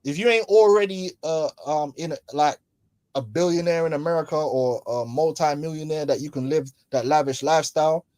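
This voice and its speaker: A man's voice: a little high, brisk, a little mellow, dry recording. A man hosting a casual religious commentary, talking in slangy, mocking, preachy tones and laughing often. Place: London.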